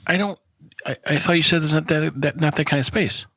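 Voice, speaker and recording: A man's voice: a little high, a little fast, pushed and bright, no echo. A man co-hosting a casual podcast, swearing a lot, laughing often and rambling through stories. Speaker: podcast co-host. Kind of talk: casual banter.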